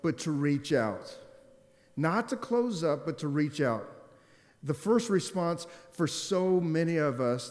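A man's voice: medium pitch, darkish tone. A man preaching a sermon, emphatic, repeating key phrases and putting questions to the congregation. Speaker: pastor. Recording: long hall reverb.

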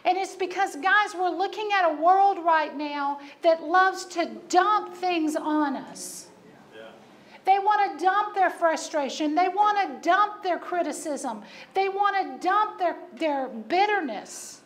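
A woman's voice: very high-pitched, lively intonation, slow pace, a bit bright. A woman pastor preaching a sermon, telling a personal story with humor and emphatic repetition.

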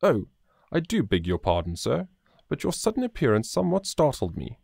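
A man voicing a boisterous, jolly young peasant man who booms and turns mock-formal in a storybook reading. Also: normal speed, creaky, slightly rough, no echo, studio quality, exaggerated voice. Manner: booming, playfully over-proper, stammers when excited.

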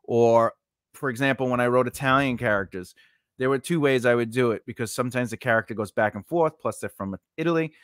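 A man's voice: medium pitch, fairly quick, a bit bright, no room sound, studio quality. A man teaching writing in a casual lesson, rambling through tangents with many fillers and restarts. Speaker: writing podcast host.

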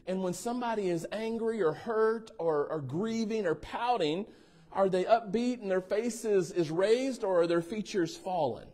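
A man's voice: high-pitched, normal speed, a little mellow. A male pastor preaching a sermon in a church, teasing and checking in with the congregation. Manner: playful, teasing asides, asks congregation for responses. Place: church sanctuary.

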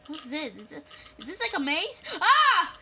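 Excitable high-voiced woman gaming. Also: gravelly, slight background noise. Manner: excitable, shrieks and laughs, repeats words rapidly. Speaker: gaming video creator. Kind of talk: casual gameplay commentary.

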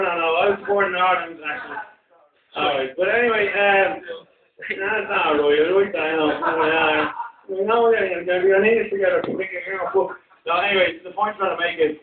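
Rambling London-accented comedian, distant and tinny. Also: male voice, fairly high pitch. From England. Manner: rambling, chatty with the crowd. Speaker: stand-up comedian. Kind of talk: stand-up comedy set. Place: small pub venue with live audience. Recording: distant, tinny, echoey room recording.

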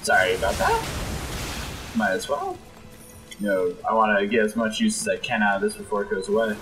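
A young man giving jokey, excitable let's play commentary, reacting to the game and putting on silly voices for the enemies. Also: on the low side, moderate pace, faint music behind. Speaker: gameplay commentator.

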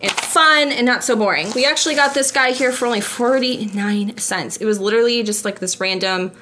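A woman's voice: a little high, brisk, background noise. A woman vlogging at home with a handheld camera, chatting casually, giggling and rambling with lots of "like" and "I don't know". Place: at home, putting away groceries. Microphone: handheld vlog camera.

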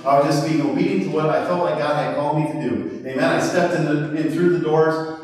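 Halting man preaching in an echoey hall. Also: a little high, steady tone, darkish tone. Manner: conversational, halting, repeats words, asks the crowd questions. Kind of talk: sermon. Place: church hall. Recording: roomy hall from far off.

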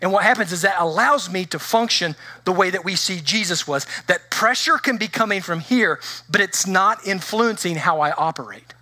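A middle-aged man preaching a sermon as pastor, telling stories in an animated way and acting out the voices of the people in them. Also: sits high, moderate pace, hardly any pauses, no echo. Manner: animated storytelling with acted-out voices.

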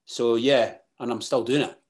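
A Scottish man talking as a podcast guest, halting and full of restarts, then bursting into animated, sweary asides. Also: medium pitch. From Scotland. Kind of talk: casual interview chat.

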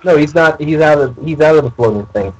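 A man chats casually at a tabletop game, his voice somewhat high. He is quick to correct the others on the rules. Faint music sits behind him. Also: a little mellow, husky, lo-fi sound. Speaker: player.

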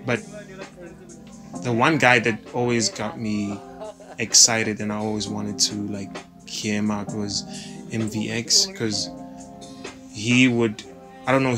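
A man in an interview, talking loosely about recording sessions and leaning on "you know" fillers. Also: lowish voice. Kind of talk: reflective interview talk.

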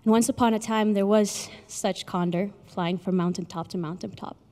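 A young woman giving an emotional graduation speech, telling a story earnestly with pauses, recorded in a large ceremony hall with long reverb. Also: mid-range voice, steady tone. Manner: earnest, pausing, with soft laughs. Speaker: graduation speaker.

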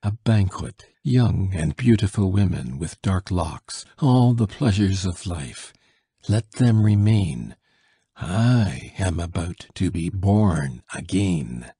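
A man's voice: sits low, expressive, slow, dark tone, husky, no room sound, studio quality, exaggerated voice. A man doing a dying old nobleman. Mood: insistent. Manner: weak, insistent and secretive. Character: dying old male nobleman, feeble yet commanding.

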